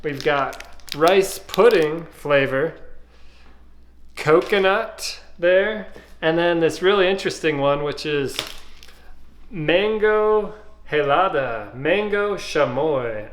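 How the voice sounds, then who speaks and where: A man, casually reviewing ice pops and thinking aloud with fillers and pauses. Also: on the high side, animated, fairly bright tone, slight background noise. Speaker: food reviewer.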